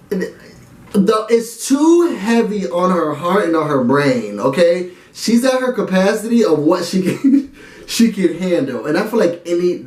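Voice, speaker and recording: A man's voice: sits high, roomy sound. A man giving a casual recap and review of a reality show, dramatic and slangy, talking straight to his viewers. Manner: animated, dramatic and slangy, talks to viewers directly.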